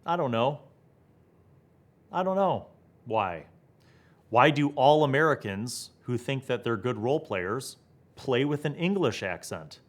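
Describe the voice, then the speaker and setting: A young man hosting a tabletop gaming talk video, thinking aloud with excitement and asking rhetorical questions. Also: mid-range voice, measured pace, long pauses. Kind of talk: animated solo talk to camera.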